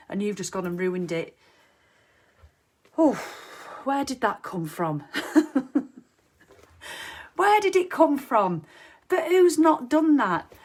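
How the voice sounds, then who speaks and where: A woman talks straight to camera in a loose, chatty monologue. Her voice sits at a middling pitch, and she swears freely, slipping into little acted-out scenes as she goes. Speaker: motivational vlogger. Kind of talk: casual monologue.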